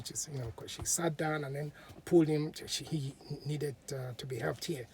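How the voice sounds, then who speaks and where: A man's voice: fairly high pitch, quick pace, vocal fry, a little mellow, slightly rough. A man, a podcast host telling history as a casual story, chatty and dropping to whispers at times.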